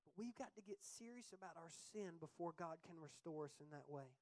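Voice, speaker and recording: An earnest preacher in the middle of a sermon, voice sitting in a middle pitch. The delivery keeps doubling back on words and restarting phrases. The recording is dry and close, with little room sound. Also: lively intonation, brisk, a little mellow, no room sound, poor audio. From United States. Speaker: pastor.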